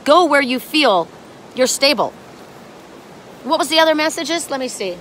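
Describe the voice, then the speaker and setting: A woman's voice: high-pitched, expressive, moderate pace, a bit bright, slight background noise. A woman giving a spiritual oracle card reading in a dramatic, emphatic way, with casual swearing.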